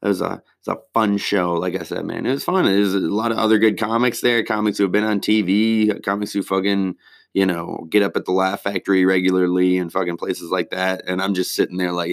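A man with a deep, low voice talks casually and at length, rambling from one point to the next. He swears constantly and drops slang as he goes. He sounds like a comedian recapping his week for his regular audience. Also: fairly even intonation, brisk, gravelly. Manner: rambling, heavy swearing, laid-back slang. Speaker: stand-up comedian.

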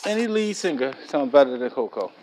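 A man's voice: mid-range voice, very animated, brisk, very noisy. A man hosting his own podcast in a casual, slangy and boastful monologue, recording while he works. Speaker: podcast host.

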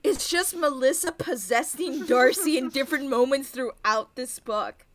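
A woman's voice: high voice, moderate pace, dry recording. A young woman co-hosting a casual book podcast, emphatic and playfully dramatic. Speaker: podcast co-host.

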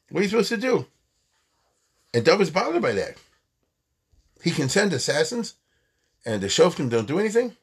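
Animated husky man teaching Torah. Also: a little high, moderate pace, long pauses. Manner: animated, conversational, acts out quotes.

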